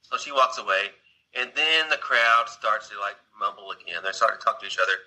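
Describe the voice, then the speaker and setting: A man's voice: on the low side, fairly quick, sharp tone, rough recording. A man casually retelling a film scene, rambling along with restarts and asides to his listener. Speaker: storyteller.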